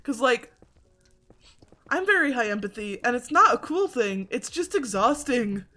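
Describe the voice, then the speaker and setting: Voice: mid-range voice, sing-song, measured pace, sharp tone. Rambling chatty game streamer. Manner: rambling, many filler likes; self-deprecating, chatty. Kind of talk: casual chat while playing a game.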